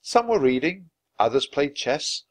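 A man reading a children's chapter book aloud in an expressive, lively way. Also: a little high, a little slow. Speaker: storybook reader. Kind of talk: children's story read-aloud.

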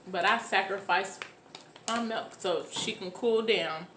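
A woman's voice: mid-range voice, a little slow, fairly bright tone. A woman chats through a meal for her viewers, talking with her mouth full between bites. Her voice sits in an ordinary middle range, loose and conversational. A faint background hiss sits under the recording. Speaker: mukbang host. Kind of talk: casual eating chat to camera. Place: at home with children nearby.

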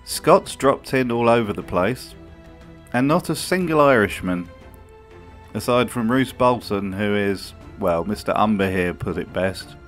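A man hosts a comedic video essay, delivering dry, sardonic commentary. His voice is fairly low, and he tosses off wry asides. Faint music plays in the background. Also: expressive, unhurried.

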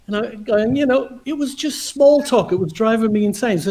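A man telling a story in casual chat over a video call, animated and laughing often as he acts out dialogue. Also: high voice, moderate pace, rough recording.

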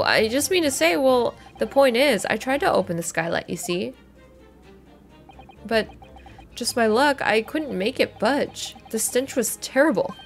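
A woman playing a sheepish bumbling male witness. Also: fairly high pitch. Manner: hesitant, rambling, sheepish.

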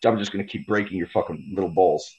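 A man's voice: sits low, fast talker, darkish tone, highs cut off. Profane, boastful man. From United States. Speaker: guest fighter. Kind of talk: podcast interview.

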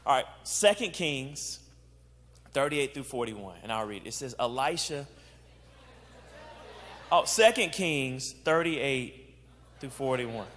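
A man's voice: medium pitch, animated, takes it slowly, long pauses, fairly bright tone, a little hiss or hum. A man preaching a casual, joking sermon on dating to a congregation, asking them questions. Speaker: guest preacher. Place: church sanctuary. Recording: long hall reverb.

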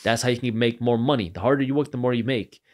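Man telling animated stories as a guest. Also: mid-range voice, fast. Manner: acts out the people in his stories with lively voices. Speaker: podcast guest, entrepreneur. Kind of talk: animated storytelling.

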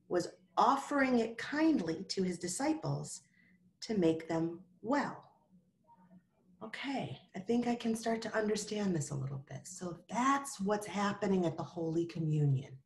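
A woman teaching a Sunday school lesson, telling a Bible story to children and gently asking them questions along the way. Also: on the low side.

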